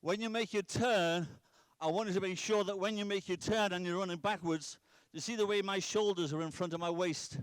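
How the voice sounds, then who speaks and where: A man's voice: high voice, steady tone, fairly quick, hardly any pauses, smooth, dry recording. A middle-aged man from Britain, a soccer coach calling out instructions during a drill demonstration. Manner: directive, instructive, calls out drills.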